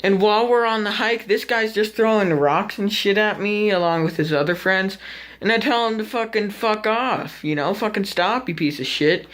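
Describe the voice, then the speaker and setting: A teenage boy vlogging, casually telling a story to the camera, animated and full of swearing as he acts out what happened. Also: sits high, moderate pace. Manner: animated, profane, acts out the scene.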